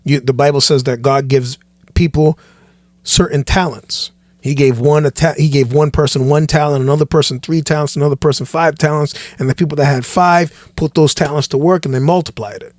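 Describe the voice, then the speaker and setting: Animated preachy man, dry close mic. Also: on the high side, a little fast, no room sound. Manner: animated, preachy, repeats and restarts phrases. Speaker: pastor, podcast guest. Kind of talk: casual podcast chat.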